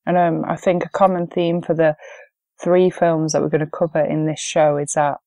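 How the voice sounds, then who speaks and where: A woman with a low, warm voice co-hosts a relaxed film review podcast. She chats easily, with frequent ums, and the sound is close and dry. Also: moderate pace, vocal fry, dry recording. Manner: easygoing, chatty with frequent ums. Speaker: podcast co-host. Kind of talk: casual film review chat.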